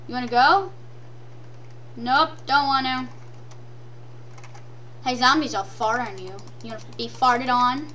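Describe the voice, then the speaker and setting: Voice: high-pitched, measured pace, long pauses, pushed and bright. A gameplay commentator talking in a silly, sing-song way and repeating lines over and over. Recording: distant from the mic, faint noise.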